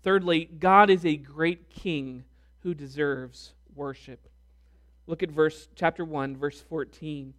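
A man preaching a sermon as pastor, reading scripture with deliberate emphasis. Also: a little high. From United States.

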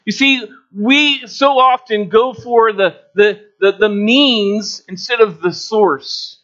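A man preaching a sermon, telling a story with rising and falling delivery. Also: bright, forceful tone. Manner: storytelling with shifting pitch and pauses. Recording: dull lo-fi recording.

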